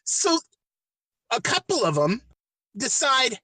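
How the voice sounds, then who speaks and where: A man's voice: fairly high pitch, expressive, a little slow, long pauses, a bit bright, no room sound. A man hosting a podcast, retelling a movie plot in a casual, rambling, profane way with many restarts. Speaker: podcast host.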